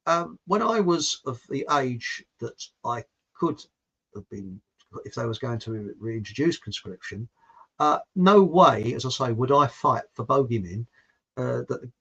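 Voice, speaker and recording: A man's voice: medium pitch, a bit bright, husky. A man telling a long story in a casual, meandering way, with frequent restarts. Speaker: channel host telling a story. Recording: dull lo-fi home recording.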